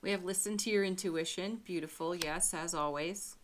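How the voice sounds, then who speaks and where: A woman giving a spiritual tarot reading to her viewers, speaking gently and often breaking into soft little laughs. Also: fairly low pitch, moderate pace, slight background noise. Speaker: tarot reader.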